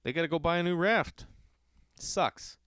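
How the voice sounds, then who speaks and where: A man's voice: a little high, measured pace, clear, resonant tone, no echo, studio quality. A man telling a rambling travel story in a casual podcast monologue, swearing freely and acting out what people said. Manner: profane, animated storytelling with acted-out voices. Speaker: podcast host.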